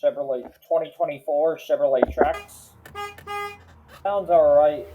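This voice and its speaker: A man hosting a reaction video, naming car models one by one in a slow, matter-of-fact way. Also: fairly high pitch, over music, rough recording. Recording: clear background noise with clicks.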